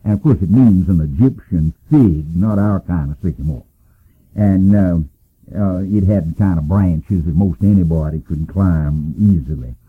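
A man's voice: low voice, a little slow, slightly rough, narrow, tinny audio. Folksy older man teaching scripture. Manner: folksy and conversational, frequent "uh"s. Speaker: Bible teacher. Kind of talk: informal Bible lesson.

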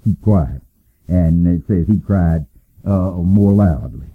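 An older man giving an informal, folksy Bible lesson, talking plainly with many pauses and "uh"s. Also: deep voice, big pitch swings, breathy edge, phone-quality sound. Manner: folksy and conversational, frequent "uh"s. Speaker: Bible teacher.

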